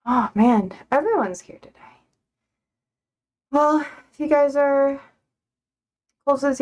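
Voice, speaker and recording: Young woman, slightly high voice, sassy, playful, casual livestream chat from home. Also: takes it slowly, creaky, pauses often, a little mellow. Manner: playful and self-described sassy, frequent laughs. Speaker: livestream host. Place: home, indoors.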